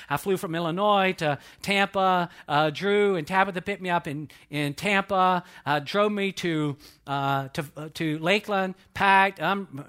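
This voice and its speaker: A man's voice: high-pitched, a bit bright. A middle-aged male pastor preaching a sermon in an earnest, conversational way, with repetitions and restarts.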